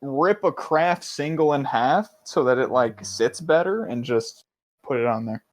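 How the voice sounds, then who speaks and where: A man's voice: mid-range voice, measured pace. A man co-hosting a casual podcast, joking and swearing casually as he talks. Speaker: podcast co-host. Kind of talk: casual chat.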